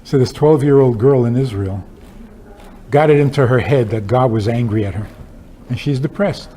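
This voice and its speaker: A rabbi lectures with humorous stories and pointed rhetorical questions, delivered in an emphatic, wry way. His voice is medium-pitched and mellow at a normal speed, with slight background noise.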